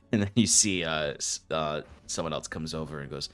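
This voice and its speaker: A man's voice: very deep voice, moderate pace, few pauses, smooth, faint music behind. A man acting as game master, narrating a tabletop game in a rambling, hesitant way and laughing often.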